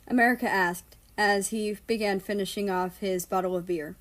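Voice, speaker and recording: A woman's voice: mid-range voice, steady tone, normal speed, few pauses, fairly bright tone. A woman narrating fanfiction aloud in a casual reading style with the odd swear. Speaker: fanfiction reader. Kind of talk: storybook narration.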